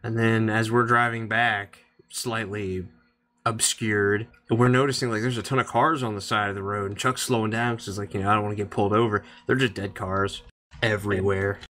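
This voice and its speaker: A man on a casual podcast chat, recounting a trip in a relaxed, profane way. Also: lowish voice, brisk. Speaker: podcast co-host.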